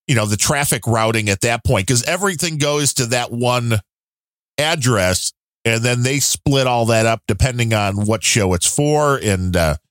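A man co-hosting a casual tech podcast, talking in an animated, jokey way with big upward swings when he exclaims. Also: medium pitch, moderate pace, dry recording, clean studio sound. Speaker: podcast co-host.

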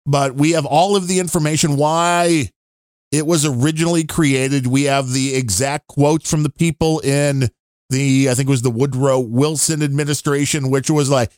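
A man's voice: fairly high pitch, fairly even intonation, moderate pace, a little mellow, no echo, studio quality. A man co-hosting a podcast, rambling and grumbling through his opinions in casual chat. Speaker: podcast co-host.

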